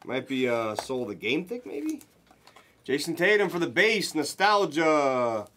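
A man's voice: a little high, unhurried. Hyped man calling a card break. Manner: excited, hyped, swears, calls out hits to viewers. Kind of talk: live card break commentary.

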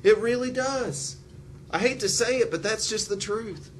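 A male history teacher giving an animated lecture with joking, sarcastic asides. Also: high-pitched, unhurried, a little hiss or hum. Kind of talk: classroom lecture.

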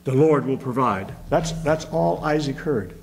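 A man's voice: mid-range voice, animated, measured pace, vocal fry, low-quality recording. A man with a Midwestern American accent preaching a sermon as pastor, emotional and rising to fervent emphasis.

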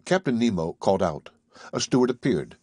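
A man reading a classic novel aloud as first-person audiobook narration, at an even, measured pace. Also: on the low side, breathy edge, no echo, studio quality.

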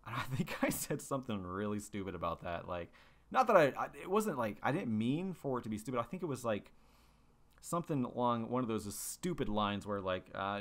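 A man's voice: fairly low pitch, expressive, fast, a bit bright. Rambling young man, casual podcast monologue. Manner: rambling, lots of fillers and restarts. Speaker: podcast host.

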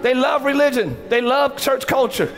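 A man preaching a sermon as pastor in a church, animated, with slangy asides and sudden shouted passages. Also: very high-pitched, moderate pace, soft background music. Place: church sanctuary.

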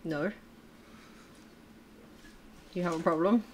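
A woman's voice: lowish voice, slow, slight background noise. Young woman, livestream host, casual chat, laughs a lot, swears, at her home desk.

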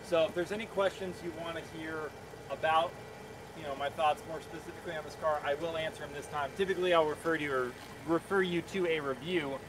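This chatty car reviewer talks fast in a casual live-stream Q&A, with fairly even intonation in his slightly high voice. He's opinionated, frank, and uses fillers. He's outdoors next to a car, somewhat distant from the phone camera's mic, with noticeable background noise.

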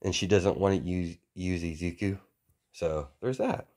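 Brief: low-voiced man slowly rambling through a fan story, halting. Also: darkish tone. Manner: hesitant, many fillers and restarts, chains clauses with "as". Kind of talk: improvised fan-story narration.

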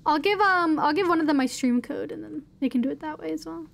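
A woman's voice: sits high, fast, creaky. A young woman streaming a horror game, chatting casually with her chat and swearing now and then.

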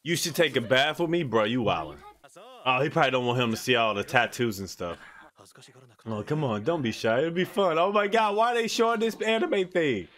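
A man runs an anime reaction channel, his medium-pitched voice moving a little fast. His commentary is slangy, excitable and casual, with frequent laughter.

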